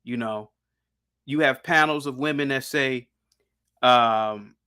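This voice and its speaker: A man's voice: medium pitch, slow, bright, forceful tone, clear, resonant tone. A man speaking as a guest on a discussion panel, talking emphatically and rambling, with frequent restarts and repeated words. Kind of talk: casual opinionated discussion.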